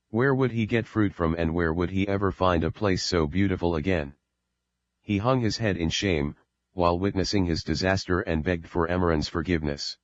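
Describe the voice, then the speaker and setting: A man reading an audiobook as narrator, in a steady, measured way. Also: low voice, no room sound, dull audio. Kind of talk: scripted narration.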